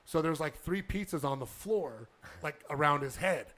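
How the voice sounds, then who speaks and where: With a fairly high-pitched voice at a moderate pace, this man spins a long, casual podcast story. He's an animated narrator who performs the dialogue and curses a lot.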